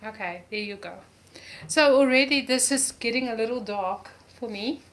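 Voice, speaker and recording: A woman's voice: a little high, normal speed. A woman teaching a live art journaling lesson, talking through each step as she paints and gushing over colors. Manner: enthusiastic about colors, repeats words.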